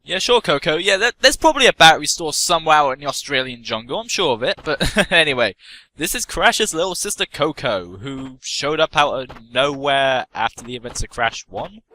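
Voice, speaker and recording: A man's voice: a little high, sharp tone, a little hiss or hum. A young man giving casual, jokey let's-play commentary, rambling in self-mocking asides as he plays. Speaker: gameplay commentator. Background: game music.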